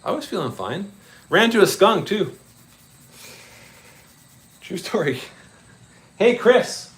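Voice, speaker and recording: A man hosting a model railway livestream, chatty and excitable, greeting viewers by name and laughing often. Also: high voice, takes it slowly. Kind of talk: casual live-stream chat with viewers.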